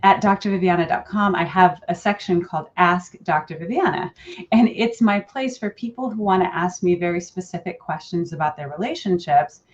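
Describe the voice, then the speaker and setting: A woman's voice: fairly low pitch, lively intonation, moderate pace. A middle-aged woman, a relationship therapist, talking earnestly as a podcast guest with light laughs now and then. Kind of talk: podcast interview. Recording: dull lo-fi sound.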